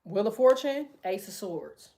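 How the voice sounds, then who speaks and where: A woman giving a loud, animated, profanity-filled casual tarot reading, full of slang. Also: mid-range voice, a little slow, slightly rough. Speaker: tarot reader.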